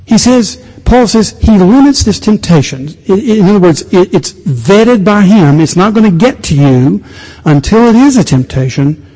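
A middle-aged male pastor preaching a sermon, animated with sudden quiet asides. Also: high voice, unhurried. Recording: long reverb of a large hall.

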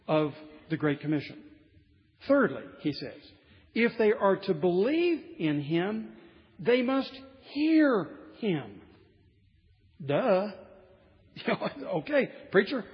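A man's voice: high voice, big-room sound, dull audio. A man preaching a sermon in a conversational way, building to emphatic points and dropping wry asides.

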